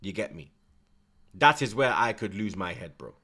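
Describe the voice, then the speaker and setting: Animated young man ranting. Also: on the low side, moderate pace, husky. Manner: ranting, emphatic, London slang. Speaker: watchalong host. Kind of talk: heated football rant.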